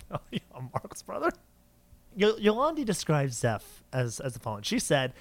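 A man's voice: on the high side, huge pitch swings, a little slow, pauses often, no echo. A man hosting a podcast in casual chat, laughing often and tripping over names. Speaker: podcast host.

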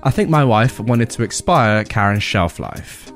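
A man's voice: lowish voice, animated, unhurried, hardly any pauses, faint music behind. A man narrating a personal story with sarcastic, comic asides.

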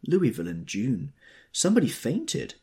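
A man's voice: fairly high pitch, wildly swooping pitch, moderate pace, gravelly, darkish tone, breathy edge, voice pushed up, exaggerated voice. A man voicing a peevish, flighty society lady. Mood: petulant. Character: peevish young society woman, languid and flighty.

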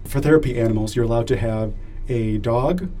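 A man's voice: medium pitch, brisk, mellow, faint music behind. A man hosting a podcast in casual chat, upbeat and leading the conversation. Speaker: podcast host.

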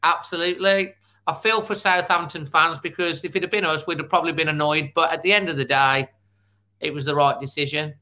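A man co-hosting a casual football fan chat with a high, bright, forward voice. He lays out his reasoning calmly, one point after another, and picks up his partner's points. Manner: measured, explains points step by step. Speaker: football podcast co-host.

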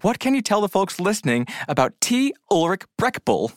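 A man's voice: sits high, sing-song, normal speed, no echo, clean studio sound. A man hosting a news podcast, playful and wry, with a comic recap. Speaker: podcast host.

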